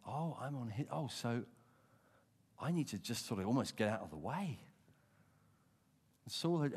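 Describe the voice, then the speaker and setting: A man in his pulpit, preaching a sermon as a pastor. His middle-pitched voice tells stories with animation, swelling and then dropping to a hush for emphasis. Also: big-room sound.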